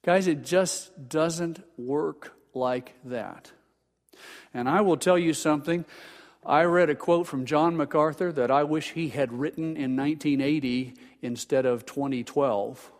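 An older male pastor delivers a sermon through a pulpit mic. His voice sits a bit higher than most men's, and he talks earnestly, stumbling and repeating words as he presses his point. A long reverb from the sanctuary trails each phrase. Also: unhurried. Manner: earnest, stammers and repeats words, builds emphasis. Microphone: pulpit microphone.

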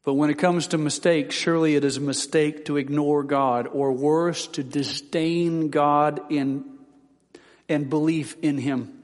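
A man's voice: on the high side, steady tone, a little slow, in a large hall. A man preaching a sermon, reading out quotes in a solemn, dramatic way.

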